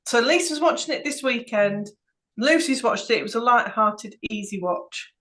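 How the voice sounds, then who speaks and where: Easygoing woman with a slightly high voice. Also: expressive, moderate pace, fairly bright tone, low-quality recording. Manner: easygoing, thinking aloud with "um". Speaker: podcast co-host. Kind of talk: casual chat.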